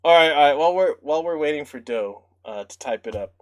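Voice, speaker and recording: A man's voice: fairly high pitch, fast, dry recording. A man co-hosting a casual podcast, telling ghost stories with lots of laughter. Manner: animated storytelling, laughs often. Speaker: podcast co-host.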